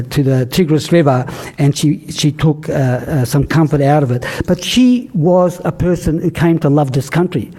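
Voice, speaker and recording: Older man, lecture storyteller, halting delivery, slightly high, mellow voice. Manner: halting, many restarts and fillers. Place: lecture hall.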